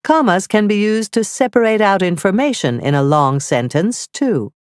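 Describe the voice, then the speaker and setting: A woman narrating a scripted grammar lesson, reading slowly and carefully with clearly spelled-out examples. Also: medium pitch, animated, no room sound, clean studio sound. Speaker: teacher.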